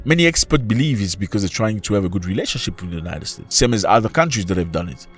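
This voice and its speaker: A man hosting opinionated commentary, talking in an animated way with rhetorical questions and sudden jumps in pitch. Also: fast talker, soft background music. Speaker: commentary channel host.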